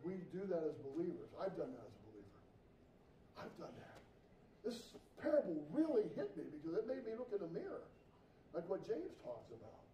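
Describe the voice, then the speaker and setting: A middle-aged male pastor preaching a sermon, an animated storyteller who acts out the voices he quotes. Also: high-pitched, slight background noise. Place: church sanctuary. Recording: roomy, distant, dull church recording.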